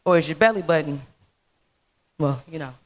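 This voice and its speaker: A woman in her thirties giving a motivational conference talk, telling a folksy, animated story. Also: sits low, moderate pace, very noisy. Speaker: dentist speaker.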